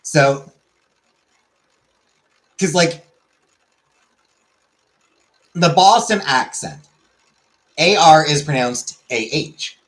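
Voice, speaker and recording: A man hosting a casual chat show, reading viewer comments in a quick low murmur and answering them more loudly. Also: animated, low-quality recording. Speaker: show host.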